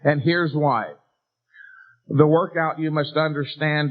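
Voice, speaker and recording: A man's voice: fairly high pitch, unhurried. A middle-aged man giving a bodybuilding seminar lecture, emphatic and lecturing, with rhetorical questions to a live audience. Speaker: seminar speaker. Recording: tinny lo-fi 1990s lecture recording.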